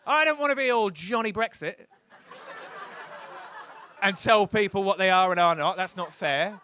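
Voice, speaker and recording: Young male stand-up comic, bright tense voice, rambling and animated delivery. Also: high voice, moderate pace, a little hiss or hum. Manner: rambling, animated, bursts into loud shouts. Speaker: stand-up comedian. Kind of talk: stand-up routine. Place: comedy club stage.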